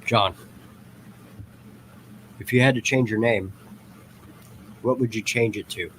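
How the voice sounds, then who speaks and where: Relaxed male podcast host who asks questions and teases the guests. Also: fairly low pitch, takes it slowly, a little hiss or hum, poor audio. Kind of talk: casual podcast chat.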